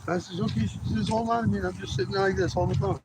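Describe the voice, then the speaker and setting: A man's voice: high voice, steady tone, rapid-fire. A man telling a personal testimony in a rambling, profane, casual way, acting out the voices of people in his story. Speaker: guest sharing a testimony. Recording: noisy background.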